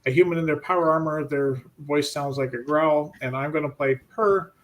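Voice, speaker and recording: A man's voice: on the high side, normal speed, fairly bright tone. A middle-aged man hosting a casual online reading session, laughing often and stumbling over names. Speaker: host. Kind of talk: casual livestream chat.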